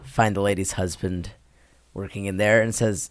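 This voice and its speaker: A man's voice: fairly low pitch, level tone, normal speed, no room sound. Laughing man telling a story. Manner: rambling, laughs through his own story. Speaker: podcast co-host. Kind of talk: casual storytelling chat.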